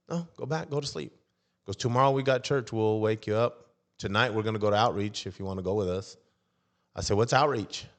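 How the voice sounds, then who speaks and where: Middle-aged male podcast guest, lowish voice, lively storyteller who acts out the dialogue. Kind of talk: personal testimony.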